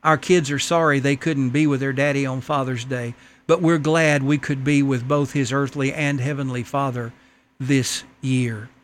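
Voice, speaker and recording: A man's voice: mid-range voice, steady tone, moderate pace. A man preaching a sermon, earnestly reading a letter and a story aloud to the congregation.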